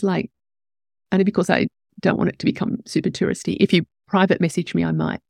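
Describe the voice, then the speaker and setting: Woman podcast host, candid storytelling, teary, some vocal fry, dead-dry recording. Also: lowish voice, flat delivery, brisk, a little mellow, dry recording. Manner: emotional, tearful at moments, candid with swearing. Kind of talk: personal reflective storytelling.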